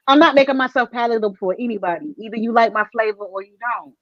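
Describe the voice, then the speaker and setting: A woman's voice: a little high, fast, dry recording. A woman co-hosting a casual online panel chat, talking bluntly and outspokenly and laughing between her points. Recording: dull, dry lo-fi sound.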